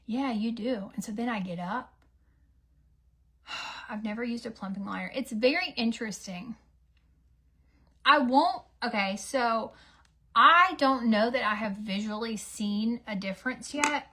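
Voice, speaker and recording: Casting: woman in her thirties, self-mocking beauty vlogger, a touch high-pitched. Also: measured pace, long pauses, sharp tone. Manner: chatty, self-mocking, drops into whispers for asides. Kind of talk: casual get-ready-with-me chat.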